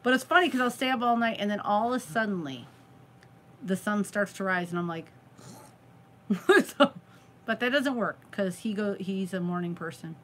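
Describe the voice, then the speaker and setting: A woman's voice: mid-range voice, moderate pace, a bit bright, slight background noise. A woman hosting a late-night live stream from home, chatty and giggly, teasing her viewers. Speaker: crochet channel host.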